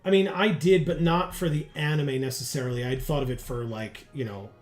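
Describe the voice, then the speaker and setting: Male stream co-host, loose and rambly, music playing low in the back. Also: fairly even intonation, fairly quick. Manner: rambling, many fillers and restarts. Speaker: co-host of a game livestream. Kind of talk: casual chat while playing.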